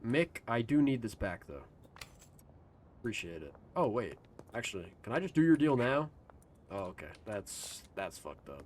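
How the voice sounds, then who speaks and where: A man's voice: medium pitch, animated, moderate pace. A man streaming a video game live, rambling to his chat in a loose, casual way and swearing freely. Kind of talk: casual gaming stream commentary.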